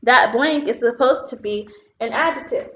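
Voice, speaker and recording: A woman with a somewhat high, fairly bright voice and moderate pace teaches phonics online, patiently explaining each step while writing on a board, now and then saying "um." The recording is roomy and dull, with a lo-fi classroom quality.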